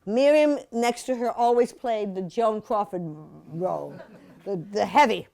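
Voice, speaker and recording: A woman's voice: medium pitch, measured pace, vocal fry, darkish tone. A woman in her seventies giving a chatty, playful slide-show talk to a museum audience, full of asides and laughter. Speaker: guest speaker at a museum talk.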